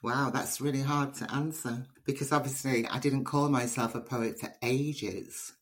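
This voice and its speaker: Speaking at a measured pace in a very deep voice, the Liverpool poet gives conversational interview answers. She's chatty and animated, drifting naturally into stories.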